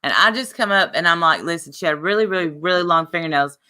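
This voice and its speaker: A woman hosting a casual livestream, sarcastic and animated, laughing often as she reads comments. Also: lowish voice, fast talker. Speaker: livestream host.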